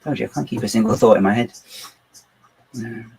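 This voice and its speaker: A man's voice: fairly low pitch, a little fast, vocal fry, darkish tone, slightly rough, low-quality recording. A man hosting a casual livestream from home, rambling and poking fun at himself as he builds on his computer. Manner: rambling, self-deprecating, talks to himself and his dog. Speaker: channel host building models on a computer.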